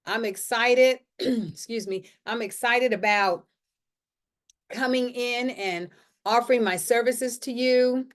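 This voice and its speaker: A woman's voice: on the high side, slow. A woman hosting a publishing Q&A live stream from her home, talking in an upbeat, motivational way and often repeating her phrases. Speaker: host of a publishing Q&A show. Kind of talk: casual live-stream talk. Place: indoors at home.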